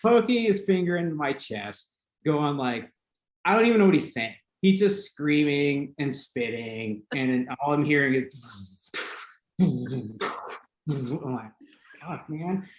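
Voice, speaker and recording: A man hosting a podcast, telling a long story in a casual, animated way with lots of fillers and laughter. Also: on the high side, slow pace, long pauses. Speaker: podcast host. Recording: roomy echo with faint noise.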